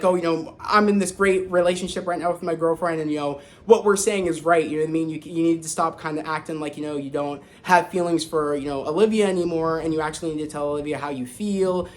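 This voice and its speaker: A man talks through a TV episode in a loose, chatty review, piling up fillers and restarting his sentences as he goes. His voice sits a little higher than most men's, and he sounds eager and amused. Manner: rambling, many fillers and restarts; excitable, laughs off the plot. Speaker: TV show reviewer. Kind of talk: casual spoken episode review.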